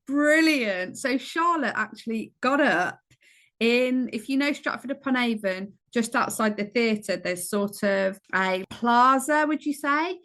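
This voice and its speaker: A woman's voice: on the high side, animated, a little slow, fairly bright tone. A woman co-hosting a podcast in casual chat, encouraging and chiming in with short replies. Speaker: podcast co-host.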